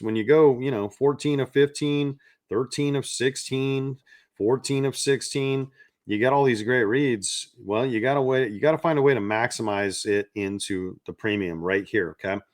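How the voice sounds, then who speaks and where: A man's voice: medium pitch, dry recording, studio quality. A man hosting a sports betting show, talking in a hyped, salesy way and repeating his points. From not from the South. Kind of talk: energetic betting-picks monologue.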